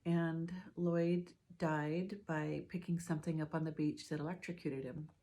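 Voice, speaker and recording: A middle-aged woman, a hospice nurse, telling a personal story in a reflective, halting way with many fillers and restarts. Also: low-pitched, steady tone, mellow.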